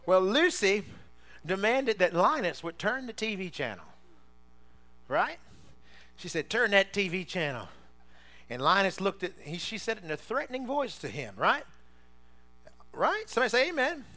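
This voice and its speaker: A man preaching a sermon, leading the congregation in call-and-response with constant "somebody say" prompts, playful and quick to laugh, moving between shouting and low, intense passages. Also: very animated, faint music behind. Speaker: pastor.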